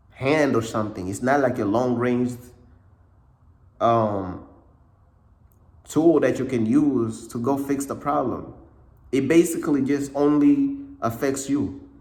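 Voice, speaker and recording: A man giving a casual motivational talk, repeating himself often, with a slightly cracking voice and frequent throat clearing. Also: medium pitch, takes it slowly, long pauses, darkish tone, reverberant. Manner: repetitive, conversational, frequent "bruh" and "you know what I'm saying". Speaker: motivational speaker.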